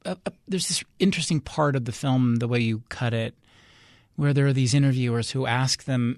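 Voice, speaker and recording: A man hosting a public radio interview show, speaking in a measured way and closing the program. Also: mid-range voice, creaky, dry recording, clean studio sound. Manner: measured, brief murmured acknowledgments.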